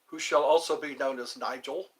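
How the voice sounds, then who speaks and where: Hosting a rambling live chat, this middle-aged man jokes around, sings bits and slips into mock voices and accents. He speaks at a normal speed in a steady, mid-range voice, and the recording is very noisy.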